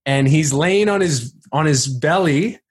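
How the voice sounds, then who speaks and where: Animated laughing man telling a story. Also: a little high, measured pace, husky. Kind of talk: casual storytelling chat.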